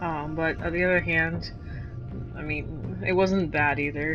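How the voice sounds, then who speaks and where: A woman's voice: low voice, steady tone, a little fast, fairly bright tone, highs cut off, soft background music. A woman giving casual, rambling commentary on a video game she just finished, hesitating often with fillers. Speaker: gameplay video host.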